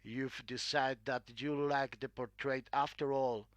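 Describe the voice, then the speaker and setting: A man's voice: mid-range voice, flat delivery, a little slow, no room sound, natural voice. A man voicing an earnest, devoted painter who speaks with feeling in a read-aloud story. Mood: sad. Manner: earnest, emotional. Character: older male painter, devoted and hurt.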